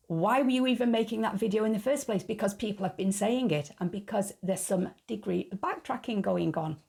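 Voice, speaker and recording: A woman's voice: medium pitch, fairly quick, creaky, few pauses, a little mellow. A woman hosting her own channel, talking frankly in a chatty opinion monologue and laughing at her own jokes. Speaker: YouTube channel host.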